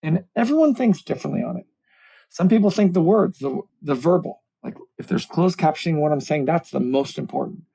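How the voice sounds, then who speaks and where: A man's voice: a little high, brisk, vocal fry, slightly rough, rough recording. A middle-aged man, a communications coach, speaking animatedly on a video call interview. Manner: animated, explanatory, self-deprecating. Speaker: communications coach, podcast guest. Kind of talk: conversational podcast interview.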